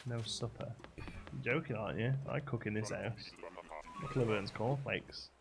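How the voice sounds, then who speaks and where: A man's voice: fairly low pitch, normal speed, vocal fry, music in the background. A man hosting a casual livestream, easygoing and chatting back to viewer comments with frequent laughs. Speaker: livestream host.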